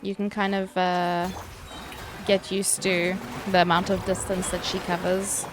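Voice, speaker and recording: A woman streaming a game, chatting casually with her viewers, swearing loosely and answering chat between quick laughs. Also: fairly low pitch, level tone, noisy background.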